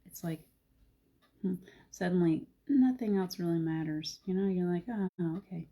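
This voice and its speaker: A middle-aged woman hosting a casual live talk show, speaking gently and reflectively about spirituality. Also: on the low side, lively intonation, moderate pace. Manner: gentle, reflective, soft-spoken with frequent laughs. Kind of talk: casual live-stream chat.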